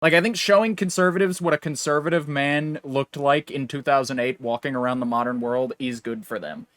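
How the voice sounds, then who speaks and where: A young adult man co-hosting a podcast, talking in casual, rambling chat that is animated and full of restarts. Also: medium pitch, a little fast, dry recording. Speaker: podcast co-host.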